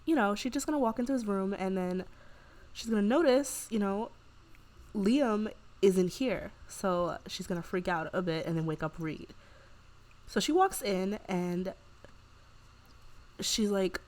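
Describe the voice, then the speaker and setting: A woman's voice: mid-range voice, unhurried, pauses often. Chatty woman narrating a life-sim game. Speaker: gaming channel host. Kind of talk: casual let's play commentary.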